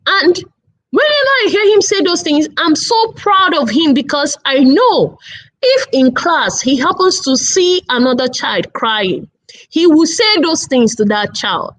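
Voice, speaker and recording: Woman in her 30s, webinar speaker: high voice, unhurried, earnest and emphatic. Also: sing-song, fairly bright tone, rough recording. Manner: earnest, repetitive teaching with slow emphatic phrases. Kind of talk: online webinar talk.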